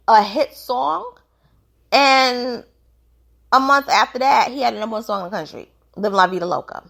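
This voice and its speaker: Chatty woman vlogger with a gravelly voice. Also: medium pitch, fairly bright tone. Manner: chatty, opinionated, colloquial. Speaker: channel host and commentator. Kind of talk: casual commentary vlog.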